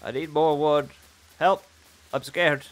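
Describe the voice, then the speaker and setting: A man hosting a gaming video, giving playful, self-mocking let's-play commentary that breaks into loud excited yelps. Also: fairly high pitch, takes it slowly. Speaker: gaming channel host.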